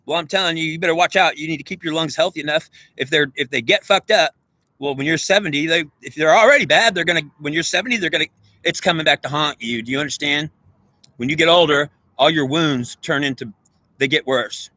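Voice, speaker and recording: A man's voice: a little high, fast talker, pushed and bright, no echo. A man delivering an intense, profane spiritual monologue straight at the viewer, lecturing and repeating himself. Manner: preachy, profane, repetitive, lecturing. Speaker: self-styled spiritual speaker.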